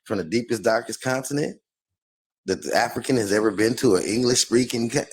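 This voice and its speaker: A man's voice: mid-range voice, a little fast, breathy edge. A man hosting a casual group chat, joking around and laughing often.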